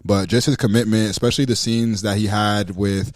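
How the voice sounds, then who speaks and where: A man co-hosting a podcast, chatting casually and excitedly about films, rambling with fillers. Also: lowish voice, brisk, no room sound, studio quality. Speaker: podcast co-host. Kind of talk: casual movie discussion.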